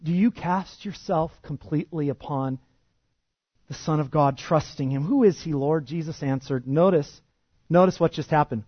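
A male pastor delivers an impassioned sermon. His voice sits fairly high. He swings from forceful emphasis to hushed intensity, and the sound is dull and dry. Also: moderate pace, no echo. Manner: animated, shifting from loud emphasis to hushed intensity.

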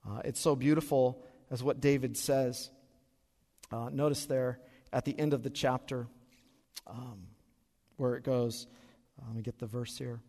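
A middle-aged male pastor preaching a sermon, swinging from loud emphatic peaks down to low quiet asides. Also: steady tone, measured pace, long pauses. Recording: long reverb of a large hall.

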